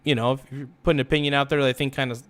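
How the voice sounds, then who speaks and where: A man's voice: medium pitch, flat delivery, fairly bright tone. A livestream host talking straight to someone in a heated, repetitive rant. He swears, stumbles into restarts and keeps correcting himself. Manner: halting restarts and self-corrections. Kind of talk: livestream monologue.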